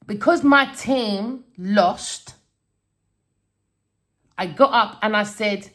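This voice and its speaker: A woman's voice: medium pitch, slow, pauses often, fairly bright tone. A woman who reads tarot, telling of a dream and preaching warnings in a spiritual vlog, swearing and raising her voice. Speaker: tarot reader.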